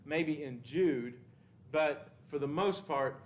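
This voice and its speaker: A man's voice: on the high side, slow pace. A man teaching a Bible class at church, asking the class questions and reading scripture with emphasis.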